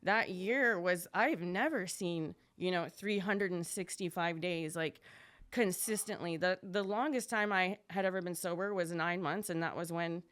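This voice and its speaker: This young adult woman, a guest on a podcast, chats quickly and casually through her story in a fairly bright tone. She goes higher when acting out what others said.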